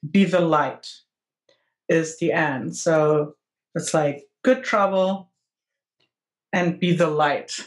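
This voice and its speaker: Slow, hesitant woman with an accent. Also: sits low. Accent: non-native English accent. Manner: hesitant, with many fillers and pauses. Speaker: artist and co-host. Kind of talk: casual video-call chat. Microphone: video call.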